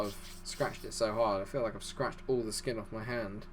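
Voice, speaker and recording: A man giving fast, excitable live commentary over a football management game, chatty and self-deprecating. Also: fairly low pitch, slight background noise. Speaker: gaming YouTuber.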